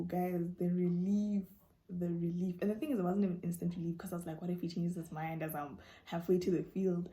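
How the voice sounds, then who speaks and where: A young woman vlogger telling stories and answering viewer questions in a casual chat, acting out dialogue with sudden jumps in voice. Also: fairly low pitch. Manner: animated, acts out dialogue with quick voice jumps.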